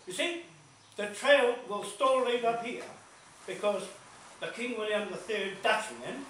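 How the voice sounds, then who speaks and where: A man's voice: high-pitched, lively intonation, a little slow, fairly bright tone. A man telling stories at a community meeting, emphatic and repetitive, laughing between points. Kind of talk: animated storytelling talk. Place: large meeting hall. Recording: echoey room from far off, faint noise.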